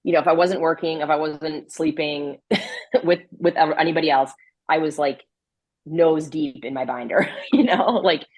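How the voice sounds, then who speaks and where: A woman's voice: low-pitched, steady tone, moderate pace, no echo, rough recording. A woman guest in a casual interview, talking with lots of fillers and frequent laughs. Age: adult with a grown daughter. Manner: chatty, filler-heavy, laughs often.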